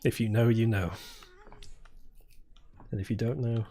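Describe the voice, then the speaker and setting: A soft-spoken man in his twenties, chatting casually while streaming a game. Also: steady tone, measured pace, slight background noise. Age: 20s. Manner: quiet, low-key and soft-spoken. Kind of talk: casual chat while gaming.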